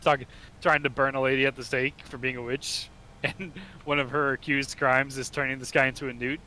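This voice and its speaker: A man's voice: mid-range voice, level tone, a little fast, sharp tone, a little hiss or hum, poor audio. A man hosting a game livestream, joking and giggling through casual chat. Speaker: livestream host and player.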